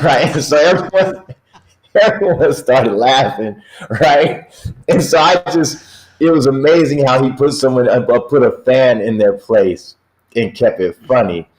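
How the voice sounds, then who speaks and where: A man's voice: medium pitch, lively intonation, measured pace, darkish tone. A middle-aged basketball coach, a man, telling stories in a casual chat and laughing often as he talks. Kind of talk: casual storytelling.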